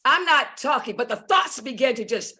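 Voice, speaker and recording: A woman's voice: sits high, expressive, moderate pace, bright, forceful tone. A woman giving a fervent, preacher-like testimony on a video call, repeating phrases for emphasis. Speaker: guest speaker.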